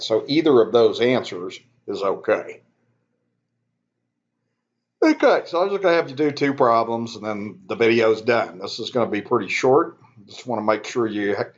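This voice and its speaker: Man, math instructor, casual step-by-step lecture voice, slightly muffled lo-fi recording. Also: fairly low pitch. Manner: relaxed, conversational, self-correcting, talks students through steps. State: yawning, sleepy.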